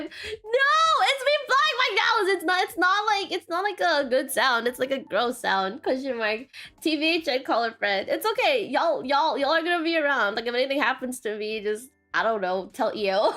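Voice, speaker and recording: A woman's voice: on the high side, fairly bright tone. A woman streamer chatting casually and rambling, often saying "question mark" and laughing.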